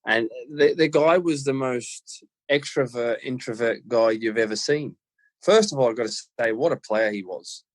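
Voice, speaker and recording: Australian man, 30s, former footballer, lively storyteller, mid-pitched voice. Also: normal speed. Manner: lively anecdote-telling, laughs often. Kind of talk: casual storytelling interview.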